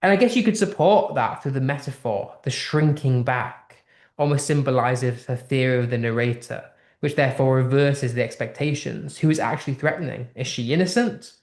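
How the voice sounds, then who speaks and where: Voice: mid-range voice, moderate pace, a little mellow. British tutor with a roomy echo. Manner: poses strings of rhetorical questions; thinks aloud with restarts. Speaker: English literature tutor. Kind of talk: explaining a text in a lesson.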